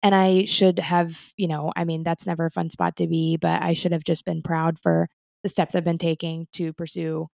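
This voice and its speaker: A woman's voice: fairly low pitch, little pitch movement, moderate pace, vocal fry, a little mellow, no room sound, clean studio sound. A young woman co-hosting a podcast, speaking in a reflective, earnest way in casual chat. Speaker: podcast co-host.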